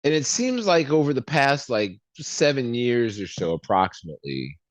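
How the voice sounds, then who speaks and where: A man's voice: medium pitch, big pitch swings, moderate pace, no echo. A man co-hosting a podcast in casual chat, laid-back as he goes over news items. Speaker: podcast co-host. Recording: dull lo-fi sound.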